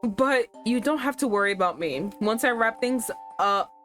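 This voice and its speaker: Lady streamer reading a game out loud, kinda high voice, swears a lot, faint music behind. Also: moderate pace. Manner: animated, profane, laughing asides. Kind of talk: reading a visual novel aloud with reactions.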